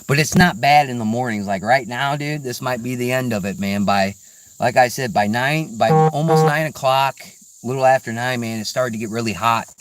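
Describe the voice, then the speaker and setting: A middle-aged hunting vlogger speaks at medium pitch on a dry recording. He's in the woods, chatting casually and rambling in a relaxed way, with frequent "dude" and "man."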